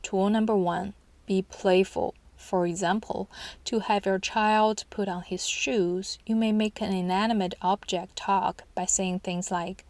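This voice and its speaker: Calm woman narrating a parenting lesson, dry. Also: medium pitch, unhurried, dry recording. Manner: calm, steady, instructional delivery. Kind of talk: scripted book-summary narration.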